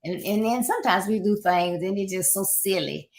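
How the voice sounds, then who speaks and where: A woman's voice: mid-range voice, moderate pace, a little mellow, slight background noise. A middle-aged woman hosting a podcast, giving casual motivational advice and repeating her points with encouraging asides. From Florida, United States.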